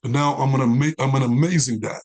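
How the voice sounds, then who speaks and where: A man, a guest in an interview, telling his life story with animated quoted dialogue. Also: medium pitch, fast talker. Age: 40s.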